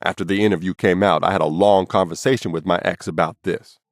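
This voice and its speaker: A man's voice: deep voice, fairly even intonation, quick pace, dry recording, studio quality. A man narrating his own memoir as an audiobook, in a blunt, casual and profane storytelling manner.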